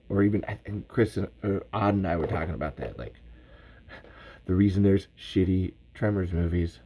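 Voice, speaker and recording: A man's voice: deep voice, dark tone, breathy edge. A man hosting a podcast livestream, chatting casually and rambling with many restarts. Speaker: podcast host.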